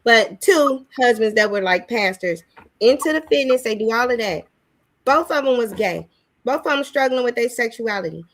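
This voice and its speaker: A woman's voice: fairly high pitch, lively intonation, moderate pace. A woman talking casually as a guest, emphatic and testifying. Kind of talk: casual talk.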